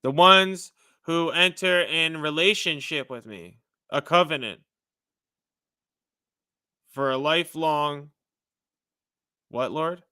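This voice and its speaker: Man, livestream preacher, casual, bright and resonant, a little high, swings between loud and hushed. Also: slow pace, pauses often, clear, resonant tone, no room sound, studio quality. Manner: casual, chatty with viewers, uses "dude" and "you know". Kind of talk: casual livestream testimony and prophecy.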